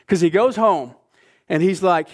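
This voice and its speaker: A man preaching a sermon, retelling a scripture story with lively asides. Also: high-pitched, a little slow. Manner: animated storytelling, acting out characters. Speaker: pastor.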